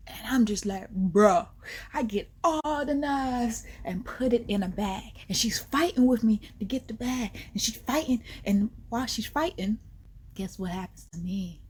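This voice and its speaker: A woman vlogger telling a personal story in a casual, slangy way, animated, with whispered asides. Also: on the high side, unhurried, breathy edge.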